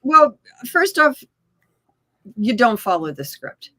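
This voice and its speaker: A woman, an actor guest on an interview show, explaining her approach in a measured way. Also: a little high, sing-song, pushed and bright. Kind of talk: casual chat.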